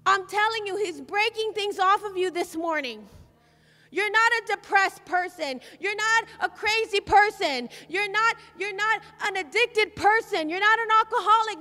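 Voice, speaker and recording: A woman's voice: very high voice, sharp tone. A woman preacher giving a fervent, repetitive sermon testimony at a church service. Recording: long hall reverb.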